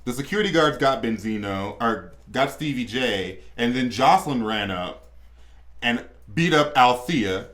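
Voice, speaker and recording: A man's voice: medium pitch, animated, a little slow, a bit bright. A man co-hosting a podcast, dishing celebrity gossip in a blunt, sassy and crude way. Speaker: podcast co-host. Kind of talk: casual gossip chat.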